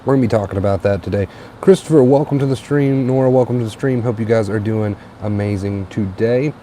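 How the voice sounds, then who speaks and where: A young man hosting a late-night livestream on a tablet, a little tired, relaxed and repetitive, with plenty of uh and um. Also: fairly low pitch, brisk, a little hiss or hum. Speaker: livestream host. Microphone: tablet mic.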